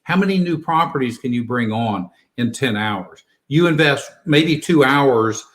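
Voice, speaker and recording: A man's voice: mid-range voice, animated, measured pace. A man guest on a business podcast, making points emphatically with rhetorical questions. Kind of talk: casual interview talk.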